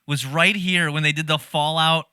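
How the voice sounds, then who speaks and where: A man's voice: fairly high pitch, moderate pace, smooth, no echo, studio quality. A man hosting a reaction video, talking casually with lots of laughter and swearing. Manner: animated, laughs often, swears freely.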